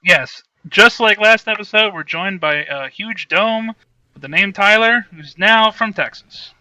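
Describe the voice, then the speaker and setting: A man co-hosts a comedy podcast with a high, piercingly bright voice. He delivers absurd jokes in a deadpan tone. The sound is close and completely dry. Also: a little slow, dry recording, rough recording. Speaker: podcast co-host. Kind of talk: casual comedy podcast chat.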